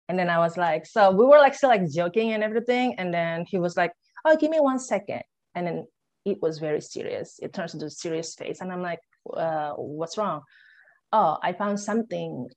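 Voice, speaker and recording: As an interview guest, a young woman with a slightly lower-than-average voice tells a personal story in conversation. She is animated, acting out in quotes what she and others said, and her loose phrasing is packed with "like" and "you know."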